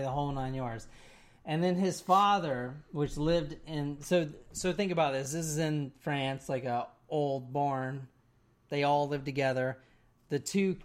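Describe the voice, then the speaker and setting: Casual storytelling, rambling, filler words, mid-range voice. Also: mid-range voice. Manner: rambling, full of "like" and "right?". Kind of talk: casual storytelling among friends.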